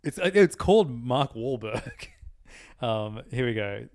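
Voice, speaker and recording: Podcast co-host, man with an ordinary mid-pitched voice, dry offhand jokes in casual chat. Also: animated, a little slow, a little mellow, no room sound.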